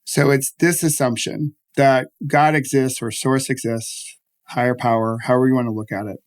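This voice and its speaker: Man, podcast host, gentle, affirming, middle pitch. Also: fairly even intonation, moderate pace. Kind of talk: interview conversation.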